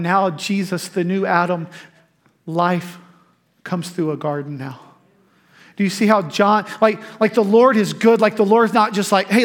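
A man preaching a sermon as pastor, emphatic and animated, breaking into laughing asides. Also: high voice.

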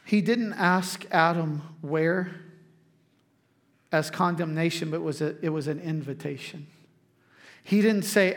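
A man, preaching a sermon as pastor, telling lively stories to the congregation and acting out quotes. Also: fairly high pitch, moderate pace.

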